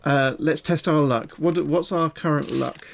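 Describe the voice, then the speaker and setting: Gravelly man joking through a gamebook. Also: a little high, steady tone, a little slow, a little hiss or hum. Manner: crude, joking asides. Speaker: streamer. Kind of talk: reading a gamebook aloud with banter.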